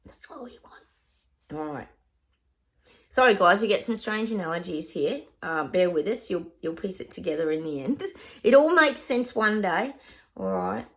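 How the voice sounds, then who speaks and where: A woman's voice: lowish voice, big pitch swings, normal speed. A woman with an Australian accent, a psychic chatting casually to camera in a rambling way, often stopping to laugh.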